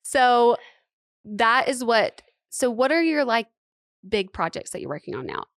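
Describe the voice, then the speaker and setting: A woman hosting a podcast in casual chat, giggly and gushing, talking in quick bursts on a close mic. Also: on the high side, sing-song, fairly bright tone, no echo. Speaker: podcast host.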